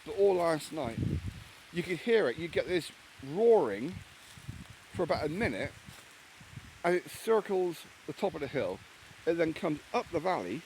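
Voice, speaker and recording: A man from England with a fairly high voice chats bluntly and swears freely in a rambling vlog. His pitch jumps around a lot. Steady rain patters loudly behind him in the woods. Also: unhurried, long pauses, a little hiss or hum, poor audio. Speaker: solo camper vlogger. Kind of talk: casual outdoor vlog talk. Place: outdoors in rainy woodland camp. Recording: outdoor recording with loud rain.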